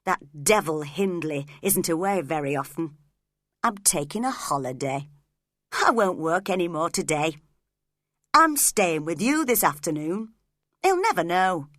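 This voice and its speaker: A woman's voice: fairly low pitch, lively intonation, unhurried, a bit bright, no room sound, clean studio sound. A woman voicing a brooding, jealous young working man who speaks bluntly. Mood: defiant.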